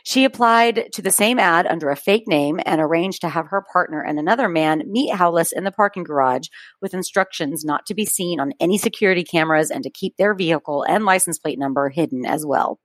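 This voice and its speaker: A woman's voice: lowish voice, brisk, few pauses, no echo. A woman co-hosting a podcast, reading a true-crime story from her notes with chatty asides and frequent laughs. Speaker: podcast co-host.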